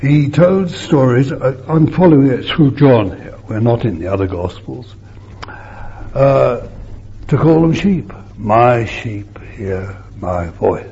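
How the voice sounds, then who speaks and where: An older man preaching a sermon, swinging between loud emphatic bursts and soft hushed asides, on a muffled old recording with faint hiss. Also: mid-range voice, animated, measured pace, husky.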